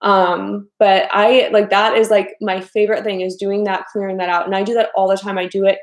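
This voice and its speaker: A woman's voice: medium pitch, flat delivery, brisk. Chatty woman on a roomy livestream. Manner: chatty, full of "like" and "you know", acts out quoted voices. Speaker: life coach hosting a livestream. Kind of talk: casual livestream talk to viewers.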